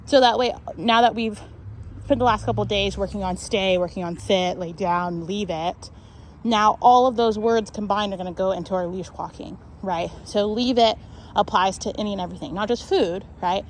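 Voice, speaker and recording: A woman's voice: medium pitch, moderate pace, slight background noise, rough recording. A woman dog trainer explaining a walk outdoors on a neighborhood street, often checking in with "right?".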